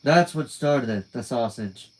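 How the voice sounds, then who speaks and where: A man's voice: mid-range voice, expressive, unhurried, rough recording. A man reading a novel aloud on a live stream, casual and conversational, breaking off to talk to his viewers. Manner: casual, conversational, trailing off at phrase ends. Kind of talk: live reading with chatty asides to chat.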